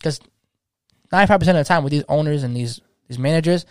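A man's voice: a little high, fast talker, no echo, clean studio sound. A man in his thirties, a DJ, talking passionately in casual slang and restarting his sentences often. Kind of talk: casual podcast chat.

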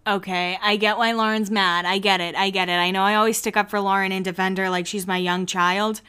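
A chatty woman hosts a casual podcast, gossiping playfully through a TV recap. Her voice is bright and smooth. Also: medium pitch, flat delivery, a little fast. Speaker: podcast host.

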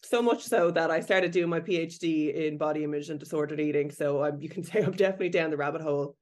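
A woman's voice: low voice, fast talker, a little mellow. A woman coach and researcher speaking as a podcast guest, candid and self-deprecating, laughing lightly as she talks. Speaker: body image coach and researcher.

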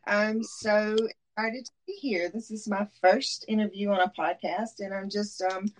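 A woman's voice: medium pitch, fairly even intonation, normal speed, slight background noise, rough recording. Southern georgia woman guest, forties, hesitant, lots of ums, candid interview. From Middle Georgia, US. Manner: hesitant, many ums, laughs easily.

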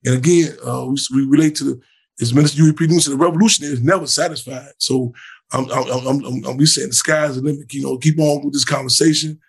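Chicago activist guy, husky voice, fired up and tripping over his words. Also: mid-range voice, steady tone, quick pace. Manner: impassioned, stammering, repeats words. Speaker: activist guest. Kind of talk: impassioned interview talk.

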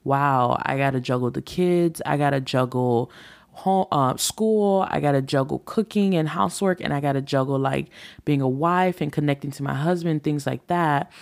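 Woman in her thirties, gravelly vocal fry, candid rambling monologue, earnest and reflective. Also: low-pitched, moderate pace.

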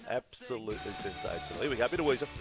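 An Australian man co-hosting a sports radio show, chatting in a casual, excitable way and laughing often. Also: mid-range voice, racing, loud music behind the voice. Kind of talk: casual studio banter.

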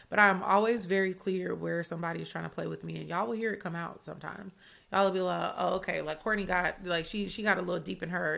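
A woman's voice: lowish voice, vocal fry, fairly bright tone. A young woman from Atlanta hosting a podcast, talking casually and candidly with lots of "like" fillers. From Atlanta, USA. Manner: chatty, candid, heavy use of "like". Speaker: podcast host.

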